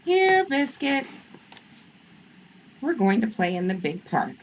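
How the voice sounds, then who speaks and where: A woman's voice: on the high side, big pitch swings, slow pace, muffled recording, a little hiss or hum, voice pushed up, exaggerated voice. A woman voicing a cheerful little girl who calls for her puppy in a sing-song way in a storybook read-aloud. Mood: calling. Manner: bright calling, sing-song.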